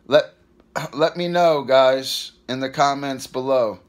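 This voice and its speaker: A man's voice: medium pitch, slow. A man in his thirties, hiccuping, talking to his viewers in a weary, rambling, stressed casual vlog. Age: 30s. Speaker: vlogger.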